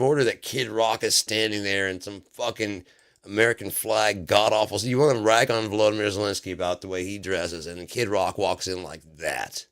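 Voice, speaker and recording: A man's voice: on the low side, steady tone, normal speed, a bit bright, clean tone. A man hosting a livestream, ranting about politics in a profane, sarcastic way with many restarts. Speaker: livestream host. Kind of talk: casual political rant on a livestream.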